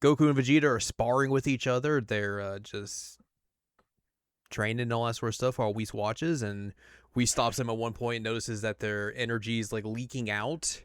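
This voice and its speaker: Young male host, smooth and dry-sounding, chatty recap with jokey character voices. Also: mid-range voice, fairly even intonation, normal speed, no echo. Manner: retells scenes in goofy quoted voices. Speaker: podcast host. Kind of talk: casual recap chat.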